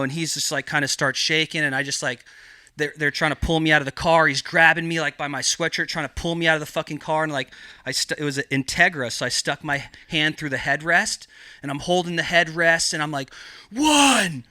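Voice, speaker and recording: Dude on a podcast telling a wild story, cussing a ton, bright punchy voice, dry sound. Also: male voice, a little high, no room sound. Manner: profane, animated, heavy filler "like". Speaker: podcast guest. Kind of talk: casual storytelling.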